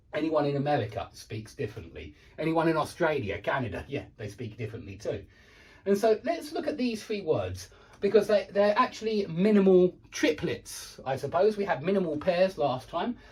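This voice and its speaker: British man teaching with a lively voice. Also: a little high, low-quality recording. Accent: British English. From United Kingdom. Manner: chatty, repeats words slowly to model sounds. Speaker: English teacher. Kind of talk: casual pronunciation lesson.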